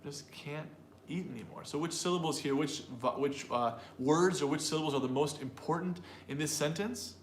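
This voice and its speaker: A man's voice: on the high side, moderate pace, hardly any pauses. A man teaching English pronunciation in casual chat, talking straight to learners and thinking aloud as he goes. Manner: thinks aloud with fillers and restarts, addresses learners directly. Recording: echoey room with faint background noise.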